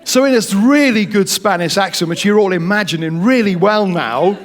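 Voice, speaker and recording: Male preacher, higher voice, lively jokey storytelling sermon. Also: moderate pace. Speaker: pastor.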